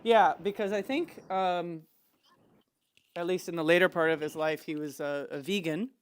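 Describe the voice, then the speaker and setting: A woman hosting a fan livestream in casual chat, chatty and excitable. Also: on the low side, normal speed, clear, resonant tone. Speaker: livestream host.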